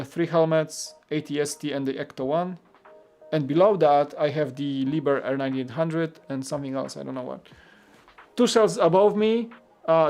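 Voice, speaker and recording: A man's voice: fairly high pitch, darkish tone. A man hosting a live building stream, chatting casually in a rambling way with lots of filler words and greeting viewers' comments. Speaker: live-stream host building a toy set.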